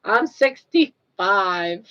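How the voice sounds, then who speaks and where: A woman voicing a feeble old lady, drawing her words out slowly in a raised pitch. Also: animated, bright, forceful tone, full character voice. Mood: quavering. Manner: slow, drawn-out and raised in pitch. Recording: dull lo-fi livestream audio.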